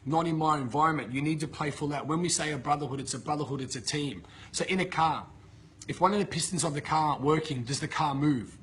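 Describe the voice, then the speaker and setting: A man coaching his viewers with a blunt, profane, emphatic rant. His voice sits a little high for a man and has a bright, forceful edge. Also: fast talker, a little hiss or hum. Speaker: motivational coach. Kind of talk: motivational talk to camera. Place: filmed in Bali with a camera operator.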